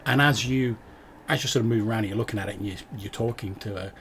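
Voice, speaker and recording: A man narrating a tabletop game as game master, describing scenes in an unhurried, descriptive way. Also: lowish voice, fairly bright tone, a little hiss or hum.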